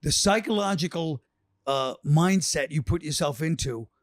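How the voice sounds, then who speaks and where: A man's voice: fairly high pitch, expressive, moderate pace, no echo, studio quality. A man on a podcast, chatting casually and telling rambling stories, acting out the quotes. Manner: rambling storyteller, acts out quotes. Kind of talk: casual chat.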